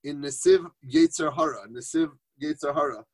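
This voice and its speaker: On a group phone call, a man teaches Torah in an informal, conversational way, posing rhetorical questions and mixing in Yiddish and Hebrew terms. His voice is on the high side with a darkish tone, at a normal speed.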